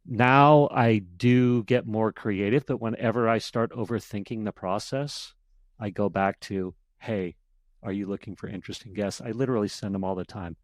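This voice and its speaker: A man talking casually as a podcast guest, animated and acting out sample emails as he tells stories. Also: lowish voice, no echo. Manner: animated storytelling, acts out emails in quotes. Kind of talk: casual interview chat.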